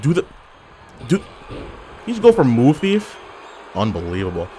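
A man giving casual, animated commentary while playing an online wrestling game, yelling at his opponent and cracking jokes. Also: mid-range voice, normal speed, slight background noise. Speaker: gaming YouTuber.

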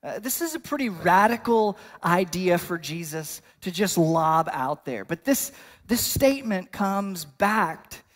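A man's voice: high-pitched, big pitch swings, a little slow. A male pastor delivering a sermon in a conversational style, building to bursts of emphasis.

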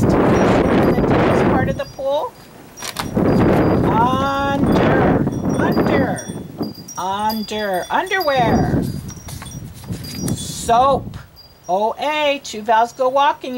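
A woman's voice: a little high, heavy background noise. A woman reading teacher giving a patient one-on-one reading lesson, sounding out words and coaxing a child along.

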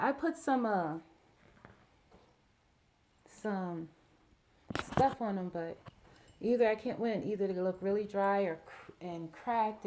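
A woman's voice: mid-range voice, mellow, a little hiss or hum. A middle-aged woman in a casual show-and-tell vlog, chatty and rambling, gushing about a gift. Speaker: video blogger.

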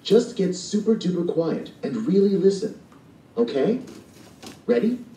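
A man's voice: high voice, big pitch swings, a little slow, warm tone, echoey room, far from the mic, voice pushed up, poor audio. A man voicing a spirited, bossy young girl who is a big sister, in a storybook reading. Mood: playful.

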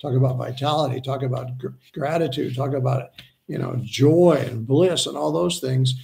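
Man, gravelly voice, middle pitch, earnest, conversational interview. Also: darkish tone. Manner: earnest, slows down to stress points, acts out quoted voices. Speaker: spiritual healer guest.

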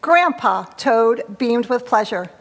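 A woman's voice: on the high side, slow pace. Woman leading children's time in church. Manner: bright, animated storytelling to children. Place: church, sitting on the steps. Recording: long church hall reverb.

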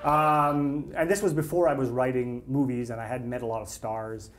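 A man, a screenwriter guest on a talk show, telling animated anecdotes with quotes acted out in a casual chat. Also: medium pitch, a little fast, a faint crowd. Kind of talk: casual storytelling.

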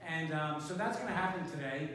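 Brisk and a little high, with a fairly bright tone, a man acting as pastor offers casual announcements and a brief sermon. He talks conversationally, rambling and using lots of fillers. The sound comes from a distance in an echoey sanctuary, with faint noise.

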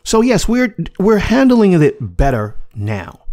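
Emphatic man with a lively voice. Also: sits high, slow. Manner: emphatic, repetitive, profane. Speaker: podcast host. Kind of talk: casual commentary monologue.

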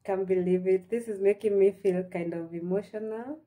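A woman's voice: medium pitch, fairly even intonation, moderate pace, mellow. A woman with a Kenyan accent chatting to her viewers in a casual, heartfelt vlog, dropping in Swahili phrases. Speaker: vlogger. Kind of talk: casual chat to camera.

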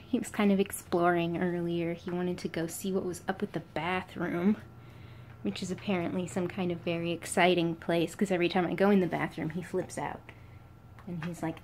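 A woman's voice: fairly low pitch, flat delivery, moderate pace, a little mellow, a little hiss or hum. Woman cooing affectionately over a pet. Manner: affectionate, cooing pet talk mixed with self-deprecating asides. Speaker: vlogger. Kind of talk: casual chat to camera and to a pet. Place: bedroom.

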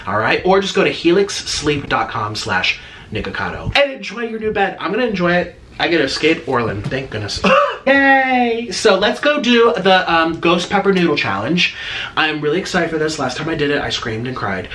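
A man's voice: fairly high pitch, very animated, moderate pace, bright, forceful tone, slight background noise. A man doing a sponsored vlog segment before a food challenge, chatting in a campy, theatrical, playful way. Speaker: mukbang vlogger.

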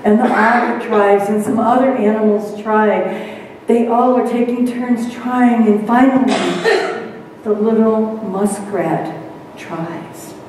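Woman minister, slow dramatic storyteller, mellow tone, echoey church hall. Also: a little high, far from the mic, a little hiss or hum. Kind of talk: storytelling sermon. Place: church sanctuary.

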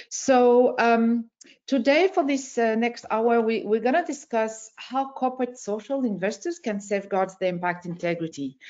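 A woman's voice: medium pitch, a little mellow, muffled recording. A woman hosting an online webinar, giving opening remarks in a hesitant way, with many filler sounds. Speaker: webinar host. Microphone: video call.

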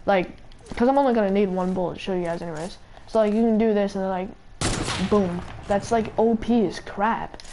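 A woman's voice: medium pitch, normal speed. Rambling young woman streamer, faint hiss. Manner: rambling, self-mocking, peppered with "like". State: voice going hoarse and odd. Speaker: game streamer. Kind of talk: casual live-stream chatter while gaming.

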